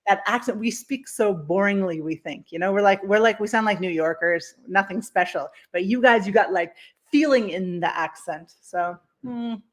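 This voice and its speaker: A woman's voice: mid-range voice, moderate pace. A middle-aged woman from Canada hosting a casual chat, talkative and self-deprecating, laughing often. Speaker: host.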